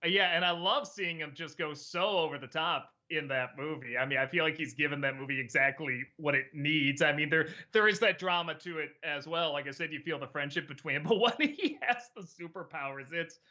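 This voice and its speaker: A man's voice: on the high side, a little fast, hardly any pauses, pushed and bright, lo-fi sound. A middle-aged man answering viewer questions in a casual livestream chat, rambling, laughing often and swearing freely.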